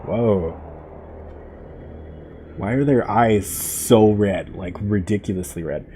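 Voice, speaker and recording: A young man narrates a horror game's text aloud during a let's play, breaking up the dramatic lines with laid-back jokes. His voice is on the low side and warm, with a little hiss or hum in the audio.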